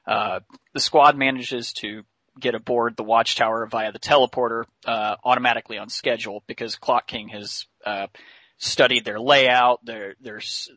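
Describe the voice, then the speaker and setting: A chatty man walking through a cartoon episode in a loose, casual recap, laughing often and full of fillers. His voice is bright and forward, with a dry, close sound and no room echo. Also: medium pitch, steady tone, normal speed.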